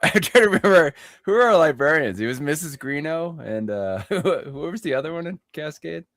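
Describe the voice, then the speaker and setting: A man's voice: on the high side, lively intonation, brisk, fairly bright tone, no room sound, studio quality. A man co-hosting a podcast in casual chat, laughing easily and asking short questions. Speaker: podcast co-host.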